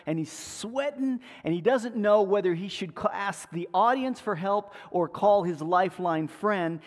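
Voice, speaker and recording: High-voiced male preacher in echoey church. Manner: storytelling, playful and animated. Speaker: pastor. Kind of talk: sermon. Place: church sanctuary.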